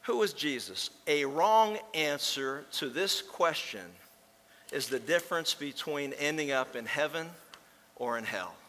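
A man's voice: on the high side, expressive, a little slow, pushed and bright. A man preaching a sermon as pastor, with folksy storytelling and emphatic repetition. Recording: long reverb in a large hall.

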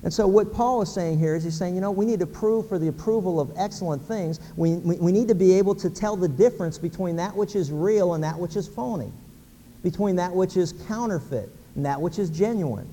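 A man's voice: high voice, a little fast, dark tone, long reverb tail, a little hiss or hum. A middle-aged man from Pennsylvania preaching a sermon, folksy, acting out little everyday scenes. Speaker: pastor.

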